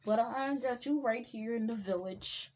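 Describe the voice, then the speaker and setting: A woman's voice: on the high side, a little slow, a little mellow. A woman voicing a friendly, laid-back young man in an easygoing way, on a dull lo-fi recording.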